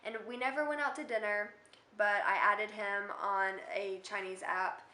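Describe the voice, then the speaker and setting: Young woman, casual storytime vlog, chatty, rambling, bright voice, echoey room. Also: medium pitch, fairly even intonation, moderate pace. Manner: chatty and rambling, many filler words. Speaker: vlogger.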